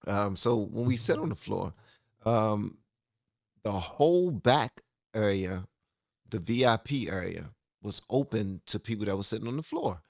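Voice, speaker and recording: A man with a low, gravelly voice hosts a reaction video in a relaxed, chatty way. The sound is dry and close, with faint music underneath. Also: a little slow, no room sound. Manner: relaxed, chatty, many fillers. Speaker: reaction channel host. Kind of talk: casual reaction commentary.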